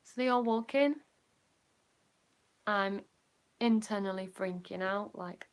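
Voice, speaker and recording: A young woman with a Yorkshire accent, telling a casual storytime, rambling with lots of "like" fillers and sinking quieter when she recalls feeling nervous. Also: mid-range voice, slow pace, pauses often, clean tone. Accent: Yorkshire English. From Yorkshire, England. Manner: chatty, rambling, many "like" fillers, drops quieter when recounting nerves. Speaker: vlogger.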